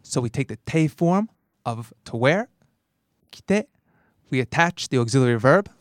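A man hosting a language lesson podcast, explaining grammar in a lively way, laughing often and acting out dialogue lines. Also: mid-range voice, a little slow, dry recording, clean studio sound. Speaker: language teacher and host.

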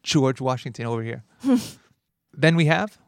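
A man hosting a language lesson podcast, explaining grammar in a lively way, laughing often and acting out dialogue lines. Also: medium pitch, a little slow, gravelly, clear, resonant tone, no echo, studio quality. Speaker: language teacher and host.

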